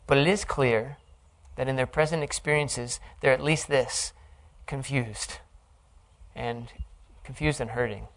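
A man delivers an earnest, reflective sermon, explaining the text line by line. His voice sits at a middle pitch with a noticeable gravelly fry. He talks in a thoughtful teaching tone. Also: measured pace, a bit bright. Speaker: Bible teacher.

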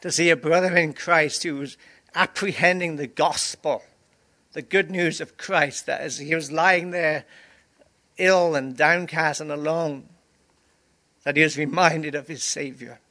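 Pastor guy preaching at communion, bright kinda high voice, earnest, sniffly. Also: steady tone, measured pace. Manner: earnest storytelling with emphatic repetition. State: sniffling, teary. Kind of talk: communion sermon.

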